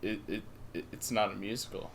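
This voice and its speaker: A man's voice: lowish voice, fairly even intonation, a little fast, creaky. A young man trades jokes on a casual comedy podcast. He talks playfully and sometimes slips into a mock-announcer voice. He often stumbles and restarts his sentences. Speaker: podcast co-host.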